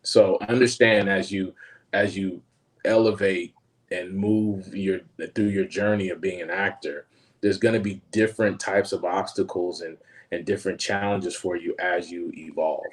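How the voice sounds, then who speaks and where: A male actor with a very low voice shares stories on a casual panel. He talks in a lively way, acting out quotes and laughing as he goes. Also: normal speed. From Los Angeles. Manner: animated anecdotes, acts out quotes; frequent fillers, laughs while telling stories.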